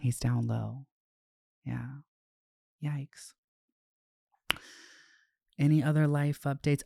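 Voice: medium pitch, steady tone, drawn-out words, creaky, long pauses, mellow, no room sound, studio quality. A young adult podcast host chatting casually at home, sassy and dramatic, full of slang.

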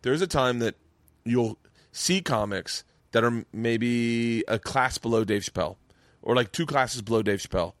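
A male comedian hosting a loose podcast from his home mancave. He tells stories in an animated rush, swearing freely and restarting his sentences as he goes. His voice sits at a middle pitch and sounds close and dry. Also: moderate pace, no echo. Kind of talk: casual chat.

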